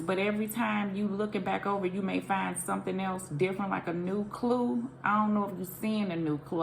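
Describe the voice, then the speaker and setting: Gravelly-voiced woman giving a rambling tarot reading. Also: on the low side, a little hiss or hum. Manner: rambling, intuitive, self-questioning. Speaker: tarot reader.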